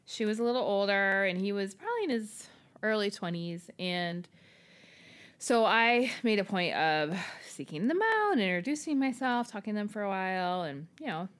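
A middle-aged woman co-hosts a podcast and tells a story in a casual chat. She sounds animated and self-deprecating, speaking into a podcast microphone at a middling pitch. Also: moderate pace. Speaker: podcast co-host.

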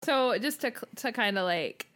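Animated woman telling a story. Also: fairly high pitch, measured pace, faint music behind. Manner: animated, self-deprecating storyteller. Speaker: podcast co-host. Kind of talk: casual storytelling chat.

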